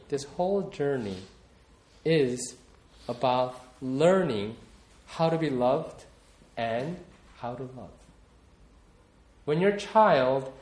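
A male pastor delivering a sermon at an unhurried pace, his voice sitting a little high for a man. He talks in a reflective, personal way, repeating words as he gathers his thoughts, and the room around him rings with echo. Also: a little mellow.

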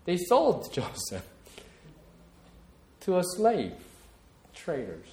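A male pastor delivering a sermon at an unhurried pace, his voice sitting a little high for a man. He talks in a reflective, personal way, repeating words as he gathers his thoughts, and the room around him rings with echo. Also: a little mellow.

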